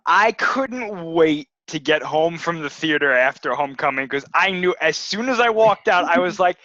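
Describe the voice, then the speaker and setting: Brief: high, bright male co-host, laughs a lot, teases, muffled dry line. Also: animated, normal speed, few pauses. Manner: laughs often, eager teasing. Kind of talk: casual podcast chat.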